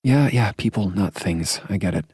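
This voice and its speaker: A man voicing a warm, teasing young woman who speaks in a playful, insistent way in an audiobook. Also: deep voice, lively intonation, normal speed, breathy edge, dry recording, clean studio sound, voice pushed up, exaggerated voice.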